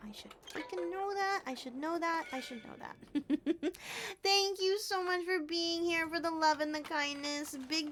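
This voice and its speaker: Bubbly high-voiced woman streamer. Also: noisy background. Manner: bubbly, chatty, greets viewers warmly by name; excitable, squeals at near misses. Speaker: live streamer. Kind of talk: live gameplay commentary.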